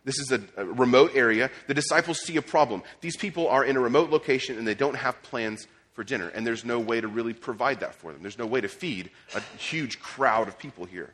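A man's voice: medium pitch, brisk, few pauses, fairly bright tone. A man preaching a sermon as pastor, conversational, with restarts and casual asides. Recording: long hall reverb.

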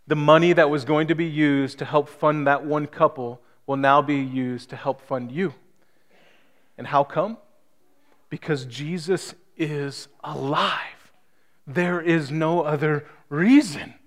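Man, pastor, sermon, emphatic, surging and easing intensity, slightly high voice. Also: steady tone, takes it slowly. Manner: emphatic preaching with rising and falling intensity. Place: small church hall.

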